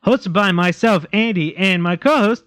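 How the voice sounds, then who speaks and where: A man hosting a podcast, relaxed, with dry quips and short replies. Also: high-pitched, normal speed, dry recording. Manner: laid-back, dry quips and short backchannels. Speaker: podcast host. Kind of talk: casual chat.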